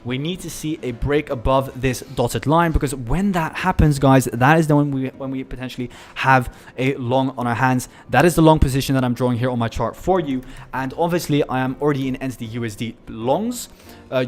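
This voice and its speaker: A man hosting a live trading stream, chatting casually and addressing viewers as guys. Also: medium pitch.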